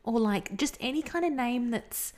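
A woman co-hosting a podcast, chatting casually and telling an animated story with frequent laughs. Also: a little high, moderate pace. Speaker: podcast co-host. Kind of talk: casual chat.

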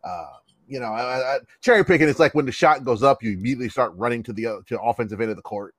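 A man in casual conversation, telling animated stories about his youth and acting out the people in them. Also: quick pace, no echo. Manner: animated, acts out quotes with big pitch jumps, swears freely. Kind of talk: casual storytelling chat.

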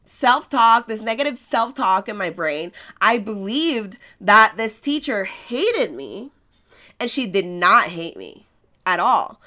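A woman's voice: mid-range voice, sing-song, takes it slowly, sharp tone. A woman with an American accent, a native Spanish speaker, hosting a podcast in a casual motivational monologue, telling stories with rhetorical questions and laughing at herself. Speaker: podcast host.

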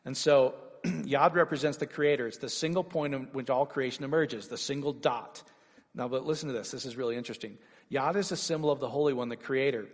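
A man preaching an informal sermon, energetic and full of rhetorical questions and sudden exclamations. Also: mid-range voice, a little fast, long reverb tail.

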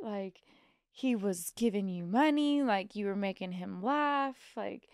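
Young woman co-host from Missouri, chatty storyteller with a raspy fry, dry studio sound. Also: medium pitch, expressive, slow pace, no room sound. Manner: chatty storyteller, acts out quotes, swears freely. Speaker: podcast co-host. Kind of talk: casual chat.

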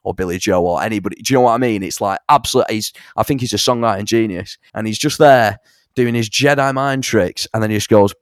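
A young man, telling stories in a casual interview about songwriting, animated and sweary. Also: lowish voice, quick pace, no room sound, studio quality. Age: young adult. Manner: animated storyteller, swears, fond of impressions. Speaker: songwriter and musician.

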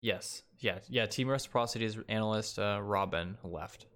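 Relaxed low-voiced man chatting casually. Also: moderate pace. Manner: laid-back, laughs often, many ums and likes. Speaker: podcast co-host. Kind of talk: casual esports podcast chat.

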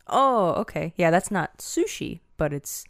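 A woman chatting casually as a podcast guest, quick to laugh, talking about narrating audiobooks. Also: on the low side, vocal fry, no room sound, clean studio sound. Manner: giggly, animated, quick to laugh. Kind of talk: casual chat.

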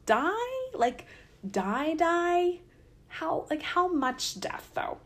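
A woman's voice: on the high side, lively intonation, normal speed, natural voice. Woman doing a sly gossipy snake. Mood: conspiratorial. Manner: teasing, conspiratorial, drops to whispers. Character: sly chatty male snake tempter.

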